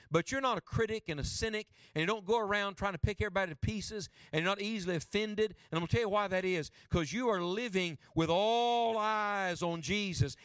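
A man preaching a sermon as a traveling preacher, dropping low and soft for quotes and rising high for emphasis. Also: no room sound, clean studio sound, distant mic.

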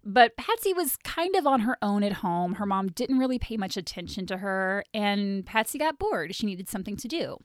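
A woman hosting a podcast, telling a story from her notes in a wry, animated way between bits of casual chat. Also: medium pitch, normal speed, few pauses, no echo, studio quality. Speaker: podcast host.

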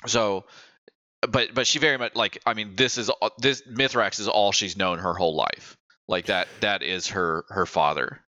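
A man's voice: fairly low pitch, moderate pace, sharp tone, dry recording, lo-fi sound. A male podcast co-host, tearful, talking in an effusive, rambling way with many restarts. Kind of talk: casual chat.

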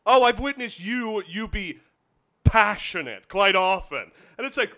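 High, animated male podcast host. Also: measured pace. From American Midwest. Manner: animated, playful, laughs often. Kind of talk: casual chat.

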